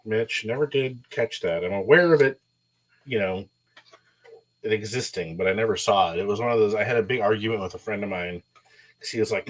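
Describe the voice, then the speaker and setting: A man co-hosting a livestream, chatting casually and telling relaxed stories with small chuckles. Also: on the low side, fairly quick, rough recording. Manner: relaxed storyteller, chuckles, uses fillers. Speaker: co-host. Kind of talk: casual chat.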